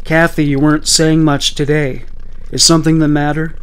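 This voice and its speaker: A man voicing a frightened male schoolteacher who tries to calm a student in a true-crime story. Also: on the high side, normal speed, clean tone, natural voice. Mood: concerned. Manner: pleading, placating.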